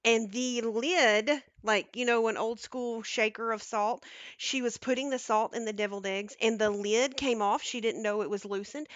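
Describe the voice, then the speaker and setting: In her home kitchen, a woman runs a cooking stream, telling stories in a rambling, casual way and often checking in with "okay?". Her voice is a little high and steady at normal speed, and the audio is dull with no echo.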